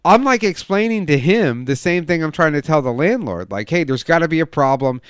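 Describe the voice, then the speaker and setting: A young man on a casual podcast, telling a heated story full of swearing and acting out quoted lines loudly. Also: brisk, smooth, dry recording, clean studio sound. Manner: profane, animated storytelling, acts out quotes with loud raised pitch. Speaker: podcast co-host.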